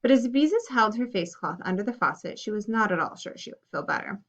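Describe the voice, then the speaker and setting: A woman reading a children's story aloud in an expressive, animated way. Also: mid-range voice, fast. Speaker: reader. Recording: dull lo-fi recording.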